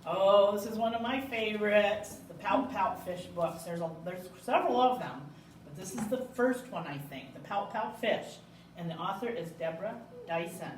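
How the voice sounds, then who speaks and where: A woman hosting a library storytime, reading picture books aloud in a playful, animated way. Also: medium pitch, moderate pace, a little hiss or hum. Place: library room. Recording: echoey room, mic far off.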